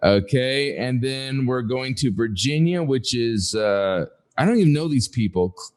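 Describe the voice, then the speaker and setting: A man co-hosting a podcast in casual chat, unhurried and hesitant, with many fillers. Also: medium pitch, lively intonation, a little mellow. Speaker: podcast co-host.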